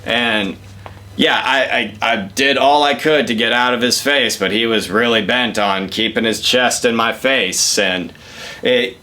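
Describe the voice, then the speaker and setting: Young guy rambling through a sweary story, bright punchy voice. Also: mid-range voice, measured pace. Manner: profane, rambling, with restarts. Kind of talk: casual comedic storytelling.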